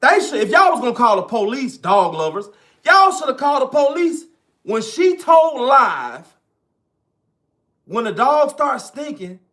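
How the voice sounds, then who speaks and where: A man's voice: extremely high pitch, sing-song, measured pace, pushed and bright. A man ranting in casual, profane, emphatic commentary straight to his viewers. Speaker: online commentator.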